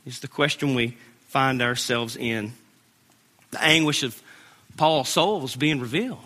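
A man's voice: mid-range voice, measured pace, sharp tone. A man preaching a sermon as pastor, earnest and storytelling, building to emphatic peaks. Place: church sanctuary. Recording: long reverb in a large hall.

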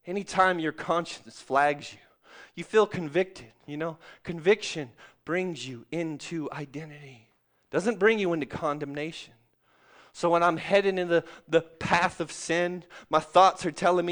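A middle-aged man preaching a sermon, calling out to the congregation and swinging from loud, excited stretches to soft, hushed ones. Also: high-pitched, moderate pace. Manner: calls out to the congregation.

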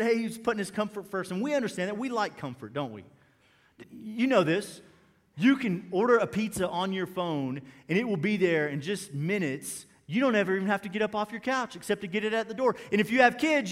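A pastor delivering a sermon, his voice pitched high for a man. He talks to the room conversationally, repeating his key lines and tossing out questions. The sound carries a long hall reverb. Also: animated, brisk, a bit bright.

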